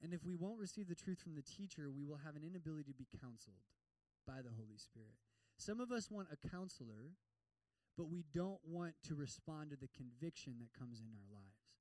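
A man preaching a sermon in an animated way, repeating words as he goes and acting out prayers. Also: a little high, brisk, no echo, distant mic, rough recording. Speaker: pastor.

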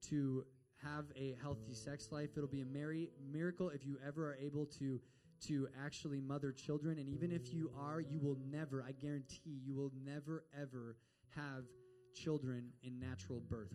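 A man's voice: fairly high pitch, warm tone. A man preaching a sermon and telling a story in an earnest way, acting out the voices of the people in it. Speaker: pastor.

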